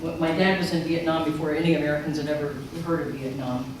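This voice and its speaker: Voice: mid-range voice, quick pace. A middle-aged speaker gives a personal storytelling sermon at a spiritual center, acting out remembered quotes. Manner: animated storyteller who acts out remembered quotes. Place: large church sanctuary. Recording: echoey hall from far off, noisy.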